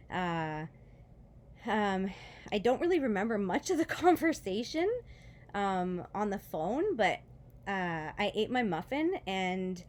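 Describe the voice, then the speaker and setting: A woman speaks in a casual vlog, telling a personal faith story. She is tearful and rambling, with fillers and restarts, and laughs softly between words. Her voice sits at an ordinary middle pitch, with a faint hum of room ambience behind her. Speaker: vlogger.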